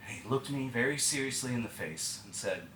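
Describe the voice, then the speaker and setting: A man performing a one-man theatrical storytelling show with an American accent, animated and acting out other people's lines. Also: mid-range voice, a little fast, slight background noise. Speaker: solo stage performer. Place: small theater stage. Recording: echoey theater room with faint ambience.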